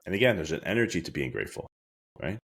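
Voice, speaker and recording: A man with a very low, deep voice delivers a heartfelt motivational podcast talk. He speaks earnestly and with emphasis, and he often says a key line twice. When he acts out his own thoughts, his voice leaps far higher. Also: very animated, fast, creaky, fairly bright tone, slightly rough. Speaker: wellness speaker.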